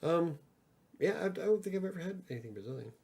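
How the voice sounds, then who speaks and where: A man's voice: a little high, lively intonation, fast talker, vocal fry, warm tone. Casual joking man on a livestream. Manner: joking, reads out chat messages. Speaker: livestream host.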